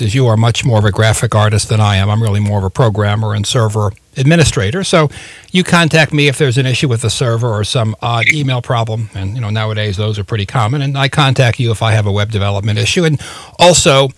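A man's voice: fairly low pitch, fast talker, no room sound. A folksy, chatty man in his fifties hosting a radio talk show. He rambles easily and laughs often, his voice dry and close to the mic.

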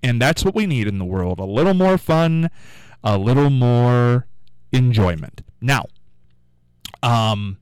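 A male radio host at a studio mic, talking in a loose, rambling way with a lively, up-and-down pitch. The sound is close and dry, with no room around it. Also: takes it slowly, pauses often, clear, resonant tone, no echo, low-quality recording. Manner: chatty, rambling, repeats himself. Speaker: radio talk show host. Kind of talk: casual call-in radio talk.

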